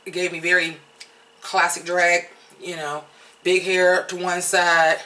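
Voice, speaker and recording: Casual American commentator, blunt and swearing, bright tone, slightly off-mic. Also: mid-range voice, little pitch movement, unhurried, recorded from a distance, poor audio. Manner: candid, chatty, blunt, swears freely. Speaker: vlogger reviewing a reality show.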